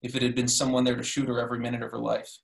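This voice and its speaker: A grim, drawling killer from a short story, as a man reads his lines aloud. The voice is gravelly and creaky. The tone is flat and level. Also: medium pitch, very fast, lightly acted.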